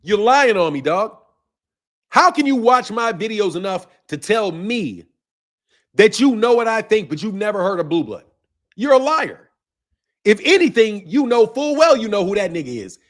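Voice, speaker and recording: The host of a boxing live stream answers viewers' comments bluntly and combatively, swearing and laughing often. He has a high-pitched, slightly bright voice with big swings in pitch, speaking at a moderate pace.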